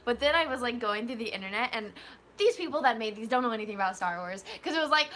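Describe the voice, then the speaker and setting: A woman's voice: fairly high pitch, lively intonation, fast, bright, forceful tone, a little hiss or hum. A tired woman co-hosting a casual live stream chat, talking in an easygoing, chatty way.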